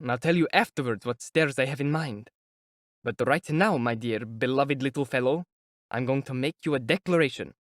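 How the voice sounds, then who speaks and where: A man's voice: mid-range voice, normal speed, no room sound, studio quality, lightly acted. A man voicing a feverish young student who teases and taunts a clerk in an audiobook reading. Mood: mocking. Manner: taunting, teasing, then whispering.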